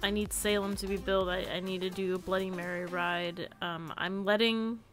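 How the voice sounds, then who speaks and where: A woman's voice: mid-range voice, steady tone, normal speed, soft background music. A young woman live-streaming a building game, chatting casually and giggling often.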